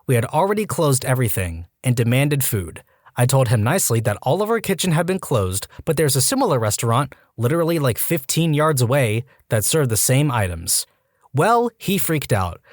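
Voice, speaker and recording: A man narrating reader-submitted stories as a podcast host, with animated storytelling and quick asides. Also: medium pitch, no echo, studio quality.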